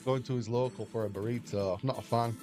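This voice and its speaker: A man's voice: mid-range voice, fairly even intonation, a little fast, music in the background. An English man livestreaming slots, chatting casually and rambling as he answers viewers' questions aloud. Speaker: slot livestreamer. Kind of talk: casual chat with stream viewers.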